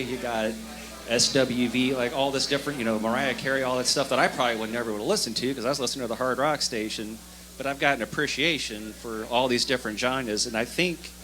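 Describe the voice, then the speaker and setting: Male audience member, mid pitch, rambling question. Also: a bit bright, poor audio. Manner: rambling, hesitant. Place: live expo hall audience.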